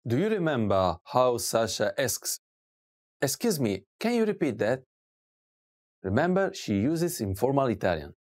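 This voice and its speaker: A woman giving a scripted language lesson, asking slow drill prompts and repeating each word clearly. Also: extremely low pitch, very animated, darkish tone. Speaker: language teacher.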